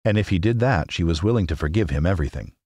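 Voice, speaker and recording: Deep-voiced, expressive male storyteller. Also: fast, no echo, studio quality. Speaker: podcast narrator. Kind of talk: audiobook narration.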